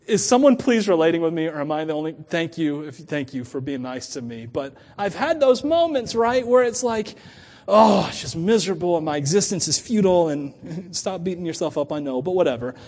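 A middle-aged man preaching a sermon to his church in a chatty, animated way, laughing often and acting out quoted voices. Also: a little high, fairly quick, hardly any pauses. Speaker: pastor.

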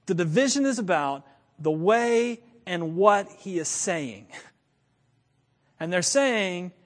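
A man preaching a sermon, animated, chuckling and repeating lines for emphasis. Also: high voice, takes it slowly, pauses often. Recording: long reverb of a large hall.

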